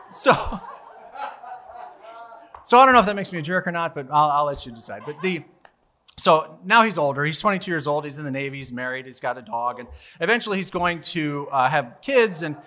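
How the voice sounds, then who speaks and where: Man, 40s, live storyteller on a stage mic; high, bright, chatty, laughs as he goes. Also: a little hiss or hum. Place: live storytelling show at a bar venue.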